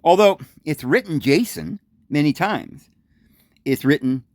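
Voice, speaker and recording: A man's voice: big pitch swings, slow, no room sound, studio quality. A man hosting a solo religious talk, speaking emphatically and insistently and repeating his points. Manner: acts out voices calling out a name in raised pitch. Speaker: host.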